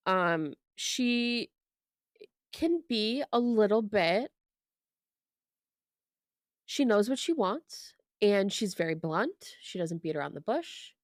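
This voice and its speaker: A woman's voice: medium pitch, no echo, clean studio sound. A young mother co-hosting a podcast, talking candidly and earnestly about parenting. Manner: candid and earnest, with frequent restarts. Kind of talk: casual chat.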